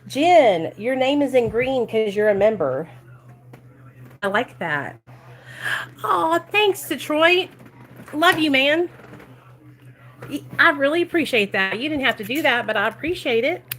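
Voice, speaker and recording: A woman's voice: high-pitched, sing-song, a little slow, pauses often, a bit bright. A woman in her thirties with a Southern US accent, chatting casually and affectionately on a live stream from home, laughing often.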